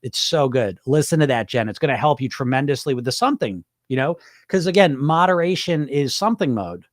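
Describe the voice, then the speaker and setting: A man's voice: mid-range voice, lively intonation, fairly quick, dry recording, studio quality. A man hosting a live stream as a hypnotherapist, chatting casually with viewers and swearing freely. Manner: informal and chatty, with frequent swearing and laughs.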